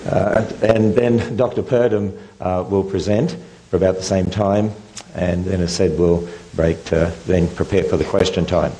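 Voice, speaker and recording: A man's voice: deep voice, fairly even intonation, measured pace, dark tone, rough recording. An older man with an Australian accent, giving a public lecture as guest speaker in a joking, conversational way. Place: university lecture room.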